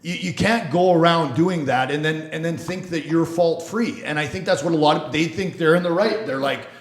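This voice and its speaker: A man's voice: fairly high pitch, normal speed, reverberant. A man who is a lawyer, hosting a casual sports and law talk show, blunt, swearing freely and mocking people in put-on voices. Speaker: podcast host, lawyer.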